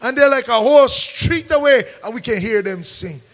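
A man preaching a sermon, calling out to the congregation and rising into shouts. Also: very high voice, lively intonation, normal speed, rough recording. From Caribbean. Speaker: pastor.

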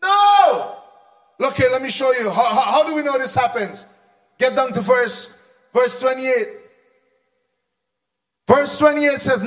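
A man preaching a sermon, animated, shouting for emphasis and asking the congregation questions. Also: very high voice, measured pace, pauses often.

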